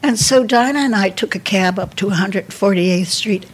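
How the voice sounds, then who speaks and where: An older woman, talking as a guest in an interview. Her voice is husky and breathy, and her pitch sits in an ordinary middle range for a woman. She reminisces candidly, breaking off and restarting her sentences as she goes. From New York. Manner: halting, with frequent restarts and repeated words. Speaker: guest, actress.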